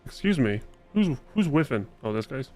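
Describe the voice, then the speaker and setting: A man's voice: mid-range voice, big pitch swings, moderate pace, a little mellow, faint music behind. Casual profane male game streamer. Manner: rambling, profane, chatting with viewers. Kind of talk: casual live-stream chat while gaming.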